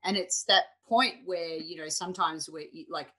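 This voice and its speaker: A middle-aged woman hosting a coaching podcast, telling stories in a lively, animated way with quick asides. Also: on the low side. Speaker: podcast host, tennis coach. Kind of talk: casual interview chat.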